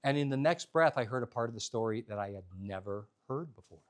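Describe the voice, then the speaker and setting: A man telling a personal story to a live audience, in an animated, humorous, conversational way. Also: medium pitch, fast talker.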